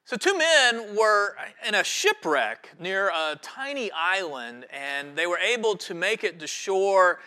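A male pastor who reads scripture, prays and preaches with lively storytelling. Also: high voice, moderate pace. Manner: animated storytelling with a reverent scripture reading. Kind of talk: sermon.

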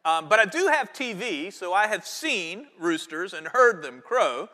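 A pastor giving a conversational sermon in church, with casual fillers and restarts. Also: male voice, sits high, sing-song, unhurried, sharp tone. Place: church sanctuary. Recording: long church hall reverb.

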